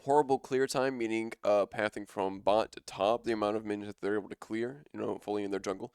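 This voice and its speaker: Young male caster, low clear voice, dry close sound, loose and chatty. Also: steady tone, fast talker, a little mellow, no room sound. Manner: casual, rambling, enthusiastic. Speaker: esports caster. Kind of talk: live esports commentary.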